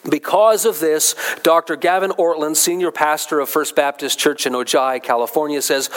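A man's voice: a little high, moderate pace, hardly any pauses, fairly bright tone, rough recording. A male pastor giving a conversational sermon, repeating key phrases for emphasis.

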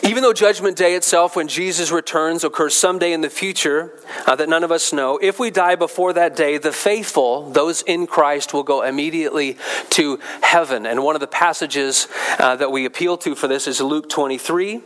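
Male pastor, slightly higher voice, chatty sermon delivery, builds up when stressing points. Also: normal speed, a bit bright. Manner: conversational preaching with asides and restarts; rises in pitch and force when stressing a point.

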